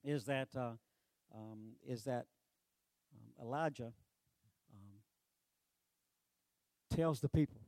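A man preaching a sermon, retelling a story with lively delivery, sarcastic humor and acted-out quotes. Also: medium pitch, takes it slowly, vocal fry, long pauses, dry recording.

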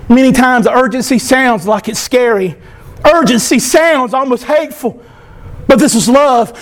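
A male pastor preaching an impassioned sermon, often breaking into shouts. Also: extremely high pitch, measured pace. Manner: impassioned, fervent, bursts into shouting.

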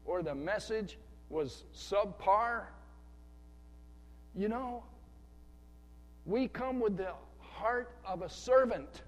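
A man preaching with deliberate, unhurried phrasing and a slightly raised voice. He talks conversationally, voicing a churchgoer's inner thoughts, while his words ring through the long reverb of a church hall. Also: high voice. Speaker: pastor. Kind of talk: sermon. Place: church sanctuary.

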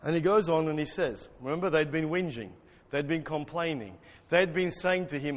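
Man from South Africa, pastor, high voice, animated preaching, church hall with long reverb. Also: moderate pace. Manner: animated, acts out voices, jokes with congregation. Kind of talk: interactive sermon.

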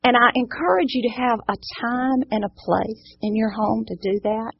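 A woman's voice: fairly high pitch, normal speed, gravelly, slightly rough, no room sound. A woman gives a Bible study talk to a live group, earnest and encouraging, often asking them questions. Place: indoor room with a live group. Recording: dull lo-fi recording.

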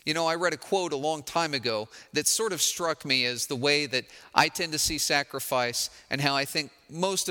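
A man's voice: fairly high pitch, bright, forceful tone, long reverb tail. A man preaching a sermon in a conversational, wry way, acting out the people he quotes. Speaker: pastor.

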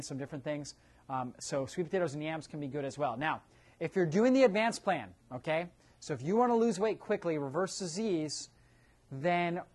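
A man's voice: fairly high pitch, a little mellow. A man presenting a nutrition seminar to a live audience, quizzing the room and tagging his points with "right?". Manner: keeps checking in with a tag "right?".

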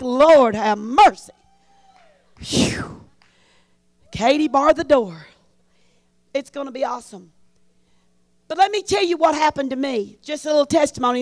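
Lady preacher telling a folksy story in her sermon, high voice, dry sound. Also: no echo. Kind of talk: sermon testimony.

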